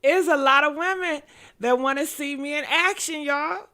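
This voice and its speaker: A young woman hosting a show, telling a story in casual chat, dramatic and laughing loudly as she goes. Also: sits high, moderate pace. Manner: loud, laughing, dramatic retelling. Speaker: show host.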